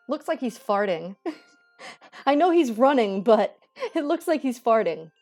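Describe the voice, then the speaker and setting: A woman's voice: mid-range voice, big pitch swings, unhurried, pauses often, darkish tone, soft background music. A young woman streaming a game, chatting casually and joking about what she reads. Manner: giggly, joking asides. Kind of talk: casual let's-play commentary.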